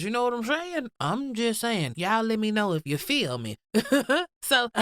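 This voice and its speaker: A woman from Georgia, US, opens her podcast with a casual, chatty intro full of sassy, playful energy, laughing often and drawling endearments as her pitch jumps all over. Her fairly bright voice sounds a bit stuffy and nasal from a cold. The recording is close and dry, with no room sound or echo.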